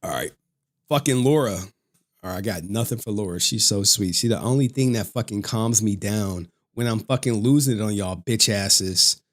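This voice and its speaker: Profane, heated livestream host. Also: male voice, lowish voice, normal speed. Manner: profane, heated, swearing constantly. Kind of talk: casual livestream rant.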